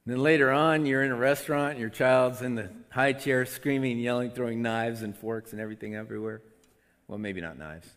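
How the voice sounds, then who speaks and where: A man delivers a sermon at a mid pitch. He swings between loud, emotional outbursts and quiet, conversational asides. His voice rings out in a hall with long reverb. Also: fairly even intonation, brisk, smooth. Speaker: pastor.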